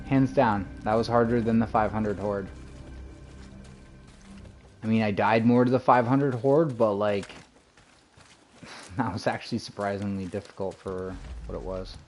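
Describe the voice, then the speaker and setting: A man's voice: fairly low pitch, fairly even intonation, unhurried, pauses often, soft background music. A man casually commenting on his gameplay to a live chat, reacting in the moment and using plenty of fillers. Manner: chatty, reactive, filler-heavy, talks to chat. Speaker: game streamer. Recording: loud game gunfire under voice. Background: game gunfire and ambience.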